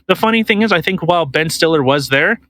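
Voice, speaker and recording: Podcast guy from canada going off, swears constantly, sharp bright tone. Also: on the high side, quick pace, no room sound, low-quality recording. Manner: animated, swears a lot, mocking put-on voices. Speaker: podcast co-host. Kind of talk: casual profane podcast rant.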